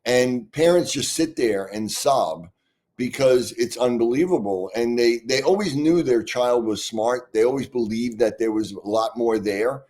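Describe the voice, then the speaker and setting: A man's voice: mid-range voice, a little mellow. A man, a guest expert in an interview, speaking earnestly and passionately, often restarting his sentences. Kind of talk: conversational interview answers.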